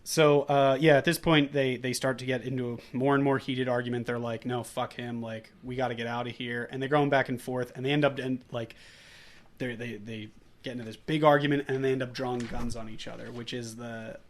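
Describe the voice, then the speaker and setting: A man's voice: medium pitch, steady tone, a little fast. A man co-hosting a movie podcast, recapping the plot in casual chat with lots of fillers and restarts. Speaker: podcast co-host.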